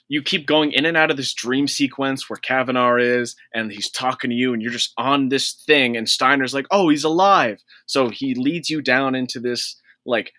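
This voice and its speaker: A man's voice: medium pitch, sharp tone, dry recording. A man co-hosting a casual gaming podcast, ranting in an exasperated, profane way. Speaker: podcast co-host.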